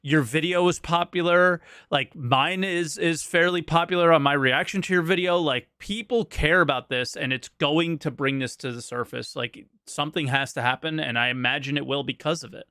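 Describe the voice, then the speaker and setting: A man's voice: fairly high pitch, moderate pace, hardly any pauses, sharp tone, smooth, no room sound, clean studio sound. A man hosting a casual podcast chat, blunt, exasperated and swearing freely. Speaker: podcast host.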